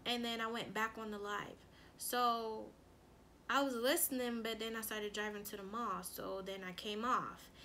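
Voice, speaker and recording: A woman who is a mother, chatting casually through a storytime, animated and full of "like" and her own quoted thoughts. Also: fairly high pitch, normal speed, slight background noise. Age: adult with a son. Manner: animated, lots of "like" and quoted self-talk. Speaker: relationship coach and vlogger.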